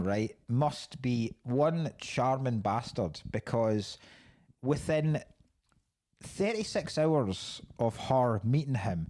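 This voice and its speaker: A man's voice: mid-range voice, darkish tone. A man hosting a podcast, chatting casually about a film in a sweary, incredulous way. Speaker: podcast host. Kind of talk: casual film-review chat.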